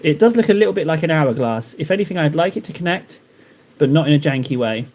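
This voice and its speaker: Male streamer, fairly high voice, rambling and joking with chat as he paints. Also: animated, fast talker, a little mellow. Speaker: live streamer painting miniatures. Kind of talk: casual live-stream chat while painting.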